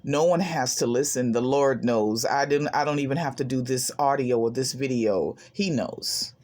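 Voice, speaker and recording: A woman hosting a self-help channel, talking in an animated, emphatic way and laughing often as she shares a spiritual monologue. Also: rumbling low, normal speed.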